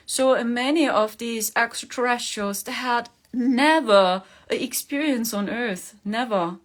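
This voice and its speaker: Woman, fairly high voice, earnest coaxing spiritual talk, laughs often. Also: unhurried, few pauses. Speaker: spiritual livestream host.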